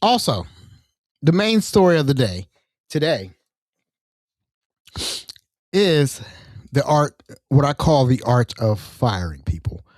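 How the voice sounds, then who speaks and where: A man's voice: medium pitch, slow, long pauses, dry recording. Slangy male host on a dry mic. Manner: animated, slangy, acts out quotes in voices. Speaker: podcast host. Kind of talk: casual solo storytelling.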